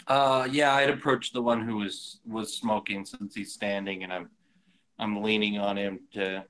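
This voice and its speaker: A man at a tabletop game talks through his character's moves in an easy, relaxed way. His voice is on the low side, and he narrates plainly what his character does. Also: measured pace. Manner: relaxed, speaks his character's actions aloud. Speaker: player. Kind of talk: casual game talk.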